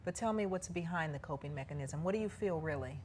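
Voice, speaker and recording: A woman co-hosting a talk show, introducing segments and asking a guest gently probing questions. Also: low-pitched, fast, a little hiss or hum.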